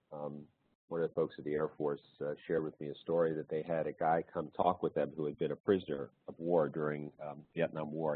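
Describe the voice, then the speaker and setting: A man with a deep, slightly husky voice speaks in an easygoing, anecdotal way as a webinar presenter. The sound is dry and squeezed into a narrow, phone-like band, as on a video call. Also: no echo. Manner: anecdotal, storytelling. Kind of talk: conversational webinar talk.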